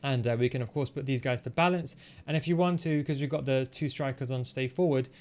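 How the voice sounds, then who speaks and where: A man giving fast, analytical play-by-play commentary over his own football video game match, explaining tactics with frequent fillers. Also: medium pitch, darkish tone. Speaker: gaming tutorial host. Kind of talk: gameplay commentary.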